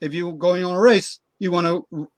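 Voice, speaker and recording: A man's voice: high voice, fairly even intonation, fairly quick, no echo. A middle-aged man, a guest coach in a casual interview, explaining his views earnestly with everyday examples.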